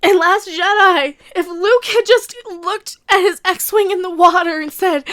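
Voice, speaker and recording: A woman's voice: very high voice, measured pace, hardly any pauses, fairly bright tone. A woman hosting a livestream reaction, rambling in a casual emotional rant, with many restarts and laughs between points.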